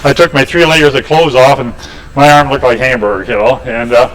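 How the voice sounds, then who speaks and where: Indoors in a woodshop, a man demonstrates woodturning on a lathe while telling rambling, folksy anecdotes and chuckling. His medium-pitched voice is brisk and fairly bright, though the audio quality is poor.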